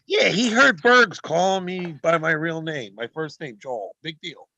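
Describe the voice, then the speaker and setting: A man on a livestream chat, speaking calmly and dismissively in short replies. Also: a little high, a little slow, no echo, dull audio. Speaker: livestream guest.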